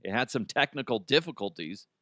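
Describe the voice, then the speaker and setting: A man's voice: medium pitch, very animated, a little fast, a bit bright, dry recording, studio quality. A man hosting a comedic news chat, joking, swearing freely and acting out silly voices. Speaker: host.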